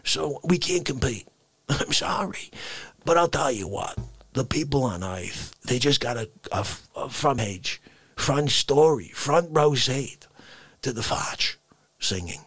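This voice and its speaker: A man's voice: medium pitch, animated, measured pace, fairly bright tone, breathy edge, no echo. A man doing an unscripted comedic rant. He rambles in mock outrage and laughs between lines. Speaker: live-stream comedian.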